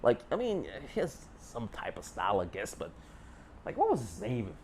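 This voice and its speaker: A man's voice: mid-range voice, wildly swooping pitch, normal speed, darkish tone, slight background noise. A young man telling a story casually, boastful and full of swearing, rambling with fillers. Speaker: vlogger.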